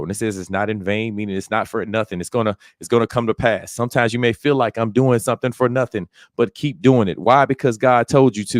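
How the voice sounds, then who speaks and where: A man's voice: mid-range voice, no room sound, studio quality. A man in his forties giving a casual, conversational verse-by-verse Bible teaching, often checking in with his listeners.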